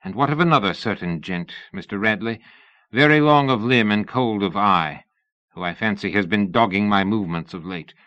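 A man voicing a pompous, sullen middle-aged gentleman who speaks huffily, in an audiobook reading. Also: lowish voice, normal speed, no echo, muffled recording. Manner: pompous, huffy.

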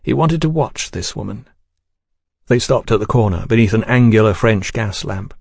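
A man reading a novel aloud in measured, even narration. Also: on the low side, gravelly, no room sound, studio quality. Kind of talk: scripted audiobook narration.

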